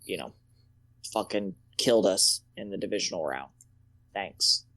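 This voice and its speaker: A man's voice: sits low, animated, unhurried, sharp tone, dry recording. A man co-hosting a casual sports podcast, swearing freely and rambling through anecdotes. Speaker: podcast co-host.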